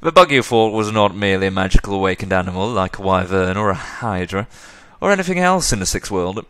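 A man's voice: lowish voice, expressive, quick pace, a bit bright, clean tone, dry recording. A man voicing a flippant, condescending male elf who lectures at length with sarcasm.

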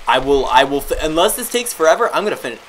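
Excitable, wildly animated young-sounding man. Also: a little high, fast talker, a little hiss or hum, poor audio. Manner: excitable, swearing, joking, silly voices. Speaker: gameplay commentator. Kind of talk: let's play commentary.

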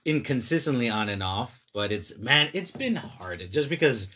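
A man's voice: mid-range voice, lively intonation, normal speed, bright, forceful tone, slight background noise. A man hosting a podcast in casual chat with his cousins, laid-back and rambling, laughing often. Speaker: podcast host.

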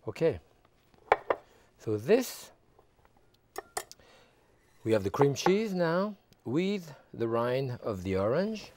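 A man working as a TV chef, walking through a cooking demonstration step by step and adding relaxed asides as he goes. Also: mid-range voice, slow pace, long pauses, slight background noise. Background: background music.

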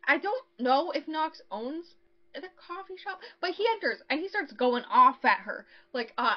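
Her high-pitched, animated voice comes through with the highs cut off as she unhurriedly recaps a novel on the podcast she co-hosts. It's a chatty retelling, heavy on ums, where she voices the characters' lines herself.

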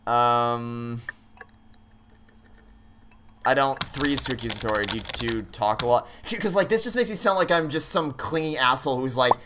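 A man's voice: medium pitch, normal speed, pauses often, noisy background. Stammering man thinking aloud over a game. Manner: casual swearing. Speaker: let's play gamer. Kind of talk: casual game commentary.

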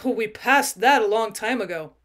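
Woman reads a rude bus conductor, dismissive, bantering, somewhat high. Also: normal speed, a bit bright, lightly acted. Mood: mocking.

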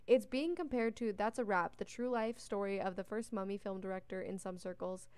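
A woman's voice: medium pitch, brisk, darkish tone, smooth, dry recording. A young woman giving casual, chatty gameplay commentary as a let's play host, talking to the characters on screen and yawning often. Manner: chatty, talks to the game characters. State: yawning a lot.

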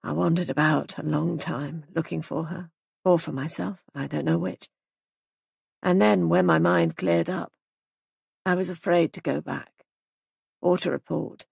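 Woman doing a quiet, haunted young deserter. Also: lowish voice, expressive, gravelly, breathy edge, dry recording, studio quality, exaggerated voice. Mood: despairing. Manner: quiet, halting, confessional. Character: troubled young male army deserter.

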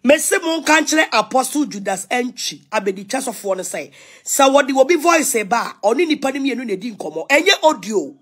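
A woman's voice: high voice, lively intonation, moderate pace, slightly rough. A middle-aged Ghanaian woman ranting on social media, defiant and scolding, repeating herself as she mixes languages. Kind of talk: ranting live video.

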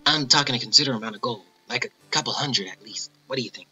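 A man's voice: medium pitch, racing, bright, forceful tone, slightly rough, rough recording. A man voicing a pushy builder asking for gold in a game playthrough.

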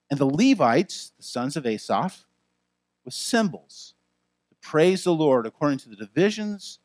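Animated man preaching a sermon. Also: on the high side, dry recording. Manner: animated, conversational preaching with frequent asides. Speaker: pastor. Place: church.

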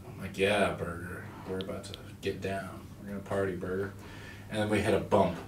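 A low-pitched man rambles through jokey anecdotes, acting out the lines of the people in them. He sounds set back from the mic in a reverberant room, with faint background noise. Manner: rambling, jokey storyteller who acts out quotes. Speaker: actor and screenwriter guest. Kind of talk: casual interview chat. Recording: echoey room, distant mic, light noise.

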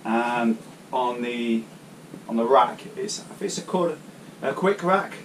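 A man's voice: mid-range voice, animated, measured pace. A man from the UK talking casually through his shopping haul in a cycling vlog, rambling with many hesitations. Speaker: cycling vlogger. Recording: distant mic, faint background noise.

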